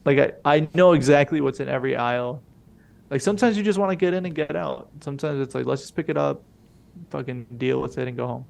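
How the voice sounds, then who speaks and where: A man's voice: mid-range voice, fast talker, creaky. A young man co-hosting a podcast, telling a rambling, profane story in casual slang and acting out the people he quotes. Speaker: podcast co-host.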